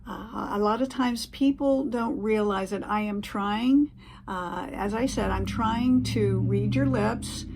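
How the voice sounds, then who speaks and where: A woman talking in a casual explanatory vlog, earnest and plain-spoken, often pausing on fillers and restarting her sentences. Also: medium pitch, gravelly, a little mellow, a little hiss or hum. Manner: halting, many fillers and restarts. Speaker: vlogger giving advice.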